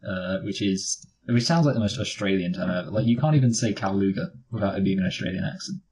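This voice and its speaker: A man's voice: low-pitched, fast talker, hardly any pauses, a little mellow, breathy edge, rough recording. A man co-hosting a casual film review chat, joking and breaking into impressions. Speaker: podcast co-host.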